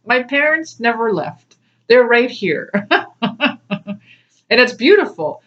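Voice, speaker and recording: A woman's voice: a little high, sing-song, slow, pauses often, fairly bright tone. A woman tarot reader talking in a casual, rambling way, laughing often between phrases. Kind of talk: casual spiritual reading to camera. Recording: slightly dull lo-fi sound.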